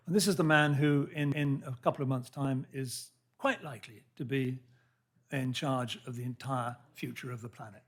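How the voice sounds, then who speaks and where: A man giving a public science lecture in a hall, earnest and halting, often restarting his words and reading out quotes. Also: medium pitch, fairly even intonation. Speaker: lecture speaker.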